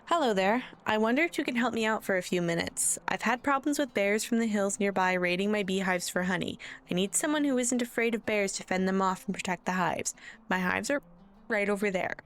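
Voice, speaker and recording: A woman's voice: mid-range voice, brisk, close to an everyday voice. A woman reading as a folksy hobbit beekeeper. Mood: earnest. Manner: folksy, plainspoken, countrified grammar.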